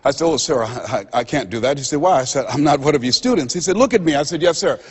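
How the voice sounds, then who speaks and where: Raspy motivational speaker in a reverberant hall. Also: male voice, a little high, animated. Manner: preacher-like, dramatic pauses, repeats phrases. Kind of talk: motivational seminar speech. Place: seminar hall before a live audience. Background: audience laughter.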